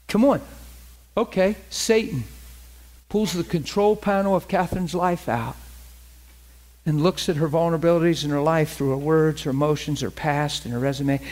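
A man's voice: a little high, darkish tone. A middle-aged man preaching a sermon in a conversational way, acting out quotes from his own story.

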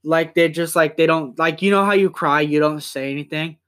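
A young man hosting a casual podcast from home, rambling and swearing as he talks in quick bursts. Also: on the high side, fairly bright tone. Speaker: podcast host.

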